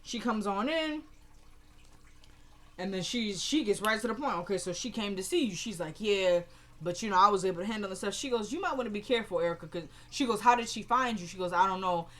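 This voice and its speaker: A young woman giving a casual, opinionated recap of a TV episode, acting out the characters' lines in quick quoted bits. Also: medium pitch. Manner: animated, retells scenes in quoted voices, opinionated. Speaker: show recapper.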